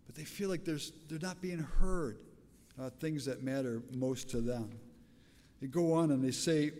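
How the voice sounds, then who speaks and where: Raspy older man preaching in a hall. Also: fairly high pitch, a little slow, warm tone. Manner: conversational storytelling with repeated restarts. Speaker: pastor. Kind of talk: sermon.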